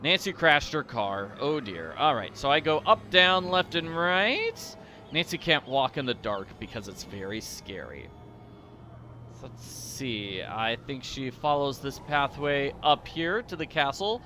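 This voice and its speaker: Goofy, bright-voiced man playing a game. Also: mid-range voice, very animated, a little slow, a little hiss or hum. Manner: goofy, rambling and self-deprecating. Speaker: let's-play host. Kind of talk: casual gameplay commentary.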